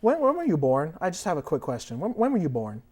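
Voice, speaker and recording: A man's voice: on the high side, huge pitch swings, fast, a little mellow. A young man as a guest on a mock talk show, ranting theatrically and indignantly for comic effect. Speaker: guest enthusiast.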